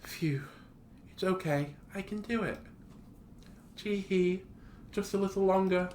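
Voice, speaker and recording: A man's voice: high-pitched, slow, a little mellow, a little hiss or hum, voice pushed up. A man voicing a timid tearful schoolgirl. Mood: shaky resolve. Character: timid teenage schoolgirl, tearful but brave. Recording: echoey room.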